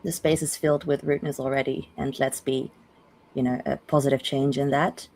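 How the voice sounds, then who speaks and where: A woman with a hosting a casual online community call, upbeat and quick to laugh, with fillers. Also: very deep voice, level tone, gravelly, a little mellow.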